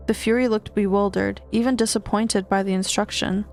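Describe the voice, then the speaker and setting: A woman streamer reading a horror book aloud, steady with small stumbles and restarts. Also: mid-range voice, fairly quick, soft background music.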